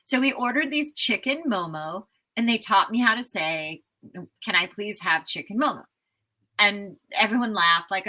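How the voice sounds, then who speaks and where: An enthusiastic American travel writer in her fifties tells stories as a guest in a casual interview, speaking at a moderate pace in a medium-pitched voice. She's an animated storyteller, though the recording quality is low.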